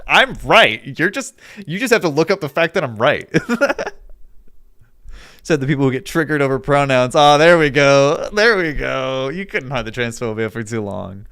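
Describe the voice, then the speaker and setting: A man's voice: mid-range voice, animated, measured pace, a bit bright, no room sound, studio quality. A young man streaming, arguing with his chat in a sarcastic, argumentative way and laughing often. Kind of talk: casual livestream chat.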